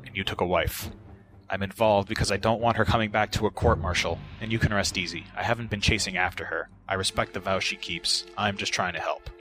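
An earnest, measured starship officer, as a narrator puts him on in a fairly low voice. He speaks calmly and steadily. Music sits clearly behind the voice. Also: close to an everyday voice. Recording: voice over background music.

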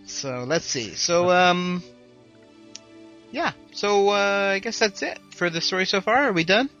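Bright-voiced, easygoing man hosting a podcast. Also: sits high, expressive, a little slow. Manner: easygoing, laughs often, light hesitations. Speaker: podcast host. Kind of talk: casual podcast chat. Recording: slightly dull, dry sound, faint music.

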